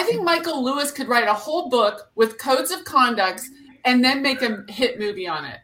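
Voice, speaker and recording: A woman co-hosting a podcast in casual chat, excitable and quick to gush. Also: high-pitched. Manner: excitable, gushing exclamations. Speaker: podcast co-host.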